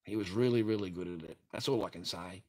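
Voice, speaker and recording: Speaking fast in a low, darkish voice, this Australian livestream host wanders through a crude, no-nonsense story told to his viewers.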